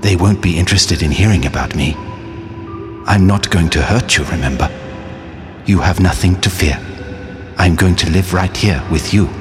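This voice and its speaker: A man voicing a proud, commanding male wind-up toy soldier who talks in a slow, coaxing, deliberate way. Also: deep voice, close to an everyday voice. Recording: reverberant audiobook with faint music.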